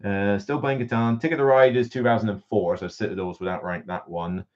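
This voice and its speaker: West country guy rambling about board games, lowish voice, kinda dull lo-fi stream sound. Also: fairly even intonation, fairly quick. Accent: West Country English. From West Country, England. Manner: chatty and rambling, laughs often. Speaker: board game reviewer, guest. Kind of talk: casual chat on a live stream.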